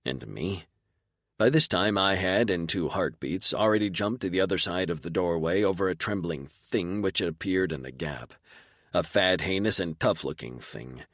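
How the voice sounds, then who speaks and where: A man's voice: sits low, normal speed, a bit bright, dry recording. A man narrating a first-person sci-fi audiobook with a dry, sardonic delivery.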